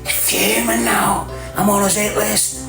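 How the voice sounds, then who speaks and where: A man's voice: a little high, normal speed. A middle-aged man with a Scouse accent hosting a casual livestream rant in streetwise, mocking banter, often laughing. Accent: Scouse (Liverpool). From Liverpool area, England. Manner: mocking, streetwise banter, frequent laughter, calls everyone "lad". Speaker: livestream host. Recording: roomy echo with faint music.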